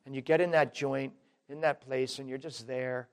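A man preaching a sermon in an emphatic, conversational way, talking straight to the listeners and swinging between loud and quiet. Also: mid-range voice, steady tone, moderate pace, smooth. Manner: addresses listeners directly as folks.

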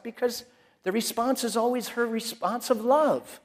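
A man's voice: very high-pitched, normal speed. A man preaching a sermon in a conversational way, acting out people's inner voices.

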